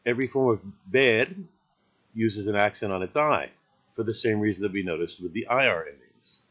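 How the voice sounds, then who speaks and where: A man's voice: on the low side, normal speed, a bit bright, dull audio. A man teaching a recorded grammar lesson in an easygoing, explanatory way, often checking in with "right?".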